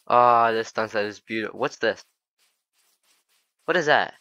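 Excitable young man narrating gameplay, bright voice. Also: lowish voice, unhurried, dry recording, highs cut off. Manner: excitable, talks to viewers as "guys", frequent "oh my gosh" and "oh boy". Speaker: gaming YouTuber. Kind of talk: casual gameplay commentary.

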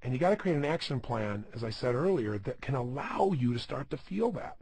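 Gravelly, animated motivational speaker man. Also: mid-range voice, fairly quick, no room sound. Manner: emphatic, asks the listener rhetorical questions. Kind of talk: self-help audio program talk.

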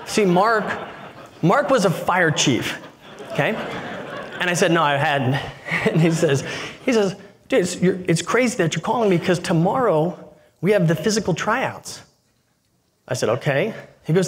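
A man on stage tells a story from his own life in a relaxed, conversational way, and slips into the voices of the people in it as he goes. His voice sits a little high for a man. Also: measured pace. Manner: conversational, acts out dialogue in anecdotes. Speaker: keynote speaker. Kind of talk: storytelling keynote talk.

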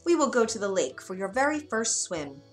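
Woman doing a high, fussy mother duck. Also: big pitch swings, measured pace, bright, forceful tone, faint music behind, full character voice. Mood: stern. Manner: high, sing-song and motherly, turning stern. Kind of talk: animated storybook narration.

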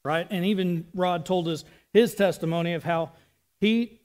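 A man with a notably high voice delivers a sermon in a relaxed, chatty way. He wanders into side remarks. He sounds like he is in his thirties. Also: moderate pace. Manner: casual, chatty preaching with asides and laughs. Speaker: preacher.

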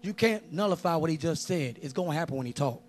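Male preacher with a high pitch and a loose, animated style that keeps cracking jokes while he preaches. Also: fast, slight background noise. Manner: animated, joking, conversational street-style preaching. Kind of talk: lively sermon.

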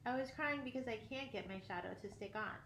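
A woman's voice: on the high side, fairly quick, fairly bright tone, a little hiss or hum. A woman reading aloud and voicing a proud, cocky young boy who answers in short, curt lines. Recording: roomy echo.

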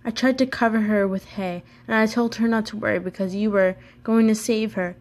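A woman's voice: mid-range voice, fairly even intonation, brisk, darkish tone, natural voice. A woman reading aloud and voicing a loyal male stray dog in a plain, coaxing tone.

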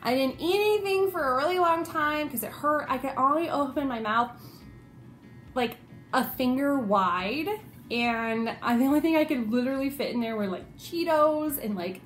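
Chatty young woman telling a story. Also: sits high. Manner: animated, acts out quotes in her telling. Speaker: vlogger. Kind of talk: casual storytime vlog.

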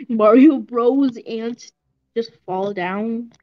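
Teasing woman player, high voice, slow mocking lines, dry and dull sound. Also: no echo. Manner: teasing, repeating words, putting on a mock British "mate" voice. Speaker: player in the game. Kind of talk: casual gaming banter.

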